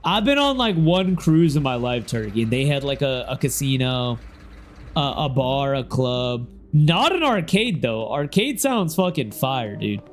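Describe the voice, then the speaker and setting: A man's voice: medium pitch, a little slow. Slangy young man streaming, chatting loosely. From Ohio. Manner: loose, slangy, reacts with sudden excited shouts. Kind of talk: casual game stream chat.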